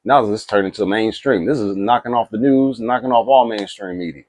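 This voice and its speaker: A man chatting casually to camera about movies, rambling with restarts and asides and getting excited. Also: on the low side, fairly quick, dry recording. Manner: animated and excitable. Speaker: movie reaction YouTuber.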